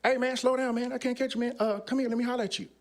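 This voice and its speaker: A man's voice: very high voice, little pitch movement, rapid-fire, voice pushed up. A man voicing a pushy, slang-talking male gang member who is recruiting him on the street.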